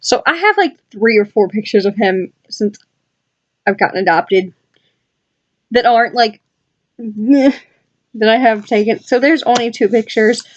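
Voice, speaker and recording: Chatty woman with a high voice. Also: a little slow, long pauses, muffled recording. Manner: chatty and enthusiastic, with frequent fillers and asides to viewers. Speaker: vlogger showing her journal. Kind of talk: casual rambling chat.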